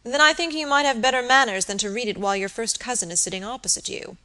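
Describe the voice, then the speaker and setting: A woman reading the part of a grave, preoccupied young gentleman barrister in an audiobook. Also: on the high side, pitched above the performer's own voice. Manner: grave, measured.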